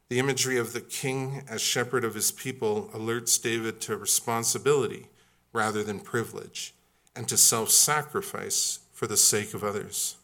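A man's voice: lowish voice, fairly bright tone. A man preaching a sermon in a conversational, humorous and emphatic way. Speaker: pastor.

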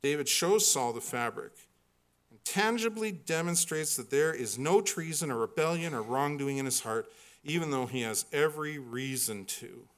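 A man preaching a sermon with lively delivery, reading scripture and acting out the characters in it. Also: fairly high pitch, moderate pace. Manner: animated preaching, acts out scripture voices. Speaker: pastor.

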